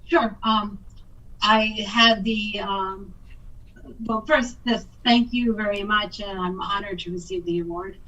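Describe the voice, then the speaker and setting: A woman's voice: mid-range voice, fairly even intonation, takes it slowly, pushed and bright, recorded from a distance. A woman on a video call accepting an award, chatty and laughing easily. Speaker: award winner. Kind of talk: thank-you speech on a video call. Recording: dull lo-fi call audio from afar.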